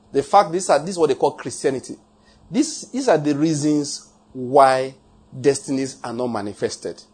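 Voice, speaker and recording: Here a pastor is preaching, chuckling at what he says and repeating key phrases in an emphatic, jokey manner. His voice is fairly high and husky, with a darkish tone.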